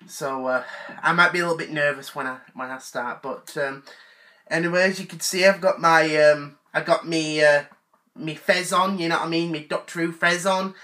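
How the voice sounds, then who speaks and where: A man's voice: a little high, steady tone, moderate pace, pushed and bright. A man playing an obsessive, whiny adult male sci-fi fanboy who stammers through fillers in a comedy sketch. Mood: nervous. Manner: indignant, whiny. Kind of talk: comedic rant to camera.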